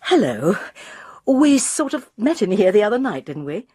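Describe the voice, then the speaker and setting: A woman's voice: mid-range voice, sing-song, moderate pace, husky, no echo, studio quality, voice pushed up. A woman doing a tentative easygoing lady. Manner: tentative, gentle.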